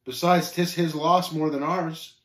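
A man reading aloud and voicing a sober, measured male pilgrim who speaks with quiet knowing. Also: a little high, little pitch movement, roomy sound, close to an everyday voice. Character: grave, wise older male Christian companion.

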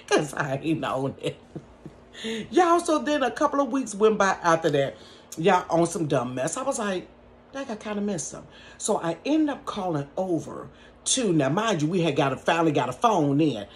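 A woman tells a personal story straight to her viewers in a casual storytime filmed in her bedroom, animated and laughing as she goes. Her voice is on the low side at a moderate pace, with a little hiss or hum on the recording.

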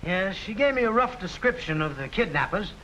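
A man's voice: high voice, sing-song, brisk, dull audio, background noise. A man playing an earnest, businesslike police chief in a 1940s radio drama.

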